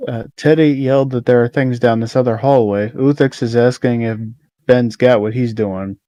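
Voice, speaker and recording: A man playing a tabletop game, asking halting, filler-heavy questions in casual chat. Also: mid-range voice, fairly even intonation, dark tone, no echo, dull audio. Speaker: player.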